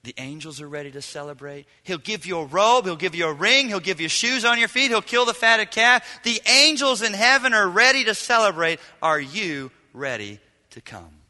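A male pastor preaching a sermon, swinging dramatically from loud, lively lines to hushed ones. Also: high-pitched, a little fast, hardly any pauses, in a large hall. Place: church hall.

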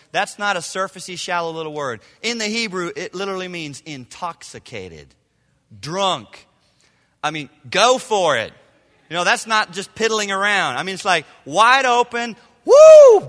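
A middle-aged male pastor preaching a sermon with emphatic repetition and sudden loud bursts. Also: high voice. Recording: reverberant hall.

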